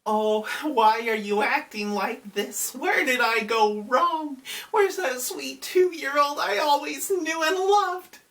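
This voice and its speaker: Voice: high-pitched, takes it slowly, a bit bright, recorded from a distance, pitched above the performer's own voice, heavily acted. A video reviewer voicing a doting mother who has gone psycho, speaking in a cooing, pleading way.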